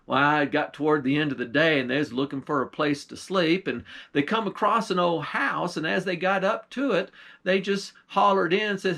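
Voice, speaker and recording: A man's voice: a little high, normal speed, bright, forceful tone. A man, a pastor, telling an old folktale in a folksy rural dialect. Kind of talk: folktale storytelling.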